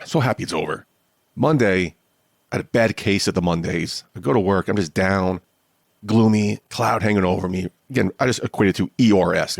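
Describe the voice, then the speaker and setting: Podcast host, male, low voice, dry close sound, candid rambling monologue. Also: gravelly, no room sound. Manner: candid, rambling, self-deprecating. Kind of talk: casual solo monologue.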